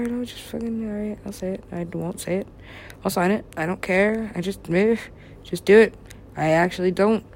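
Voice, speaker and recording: A woman's voice: mid-range voice, darkish tone, slight background noise. A woman in casual chat, rambling and swearing freely. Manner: profane, rambling.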